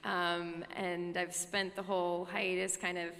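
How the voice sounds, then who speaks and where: A woman's voice: fairly low pitch, flat delivery, measured pace, fairly bright tone. A woman actress answering a fan question on a panel, thoughtful and hesitant, with many fillers. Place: large convention hall. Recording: echoey convention hall.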